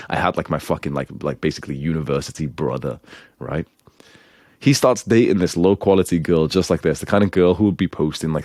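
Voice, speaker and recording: A man's voice: extremely low pitch, darkish tone, no echo, studio quality. A young man giving blunt, crude, scolding relationship advice as a show host. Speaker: self-improvement advice host.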